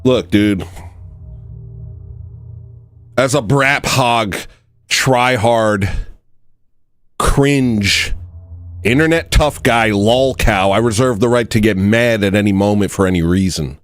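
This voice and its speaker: A young man hosting a comedic livestream, rambling and self-mocking, dropping to low mutters and jumping up to loud yells. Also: slow, pauses often, dry recording, faint music behind. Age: young adult. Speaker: livestream host.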